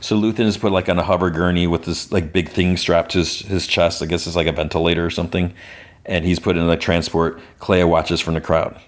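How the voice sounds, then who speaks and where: A man with a very low voice hosts a podcast, casually walking through a TV episode scene by scene. He fills his retelling with "like" and loose restarts. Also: little pitch movement, a little fast. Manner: retells scenes with lots of "like" and "he's like". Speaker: podcast host.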